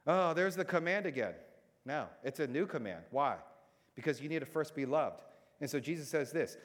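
A man preaching a sermon in a conversational way, moving between emphatic bursts and quiet, hushed stretches. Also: a little high, animated, normal speed. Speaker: pastor. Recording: long reverb in a big hall.

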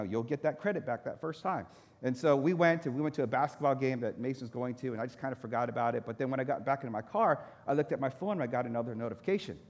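A man who is a pastor, telling a personal story in a sermon and acting out his own reactions. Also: on the high side. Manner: animated storyteller, acts out his own anger. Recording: echoey hall reverb.

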